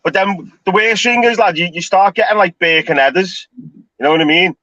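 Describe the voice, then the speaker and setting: A man's voice: high-pitched, a little fast, pushed and bright. A man with a Scouse accent chatting casually on a panel, dropping "lad" and "like" constantly. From Liverpool, England. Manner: chatty, says "lad" and "like" a lot. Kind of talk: casual chat. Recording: dull lo-fi call audio.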